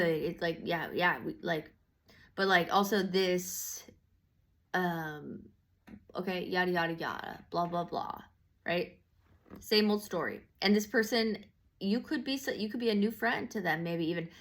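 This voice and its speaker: Gravelly woman rambling through a tarot reading. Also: on the low side, fairly bright tone. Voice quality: gravelly, slangy and profane. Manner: rambling with many fillers and restarts. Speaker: tarot reader.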